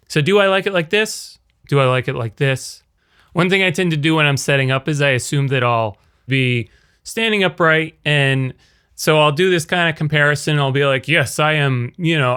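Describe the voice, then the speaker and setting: A man's voice: fairly high pitch, sharp tone, clean tone. Rambling man demoing a shotgun mic. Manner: rambling, self-correcting, demonstrates by talking at different distances. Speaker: video creator reviewing a microphone. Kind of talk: casual gear demonstration. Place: quiet indoor room. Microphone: shotgun mic on camera, near and far.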